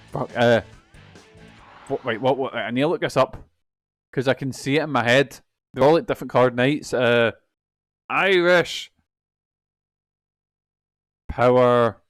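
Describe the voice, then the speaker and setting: A man's voice: mid-range voice, no room sound, studio quality. A young man streaming a video game, rambling and swearing often in casual, self-mocking chatter. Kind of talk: casual let's-play commentary.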